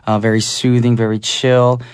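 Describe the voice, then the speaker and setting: In a radio studio, a young male DJ chats casually with a caller while getting over a sore throat. His mid-range voice moves at a moderate pace, and he comes across as energetic, chatty and quick to laugh. The studio microphone gives a smooth, dry recording.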